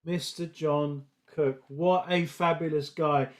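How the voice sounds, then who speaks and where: A playful man presents a live stream, teasing his co-host and reading viewer messages. His voice sits high for a man. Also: steady tone, takes it slowly.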